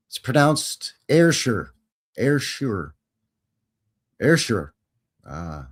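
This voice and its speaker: A Canadian man hosts a casual livestream. He reads history passages aloud, then breaks off into folksy, wry asides, sprinkling in "bud" and "eh." His voice sits at an ordinary middle pitch. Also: darkish tone. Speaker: livestream host. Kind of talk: casual commentary reading aloud.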